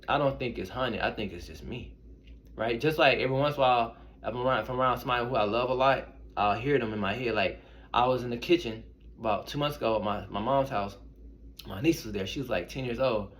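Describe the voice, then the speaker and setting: A man's voice: mid-range voice, fairly bright tone. A young man, an intuitive reader, casually telling personal stories to his viewers in a rambling, conversational way. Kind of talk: casual storytelling to camera.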